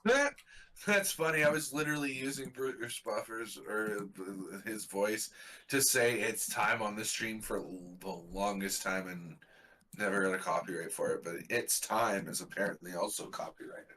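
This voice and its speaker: Chatty man with a bright voice. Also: lowish voice. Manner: chatty, quick asides, explains hockey lingo. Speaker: stream host. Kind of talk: casual live game reaction chat.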